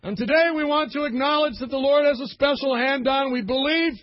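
A man voicing a male camp leader who makes a slow, raised, solemn announcement to a crowd, on a dull lo-fi recording. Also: no echo. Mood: proclaiming. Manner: high, loud, drawn-out announcing voice.

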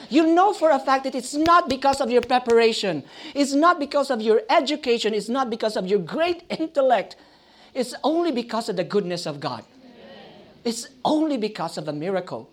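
A man telling a testimony in a sermon, calling his listeners friends and laughing as he goes. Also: very high-pitched. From Philippines. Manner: storytelling, addresses audience as friends, laughs often. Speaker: preacher.

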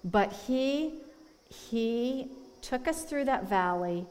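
A woman's voice: fairly high pitch, animated, drawn-out words, a little mellow. Woman telling a testimony in a hall. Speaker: co-speaker at a conference. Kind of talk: testimony talk. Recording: long hall reverb.

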